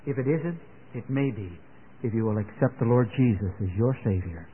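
Fervent older preacher, tinny radio sound. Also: male voice, medium pitch, expressive, normal speed, slight background noise. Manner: earnest, building to fervent exclamations. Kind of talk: sermon. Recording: tinny phone-like radio broadcast.

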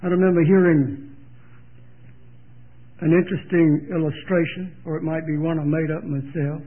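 A man's voice: on the high side, fairly even intonation, normal speed. An older man preaching a sermon, telling a story with emphatic repetition and speaking straight to his listeners. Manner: emphatic storytelling, repeats phrases, direct address. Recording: tinny lo-fi sermon recording.

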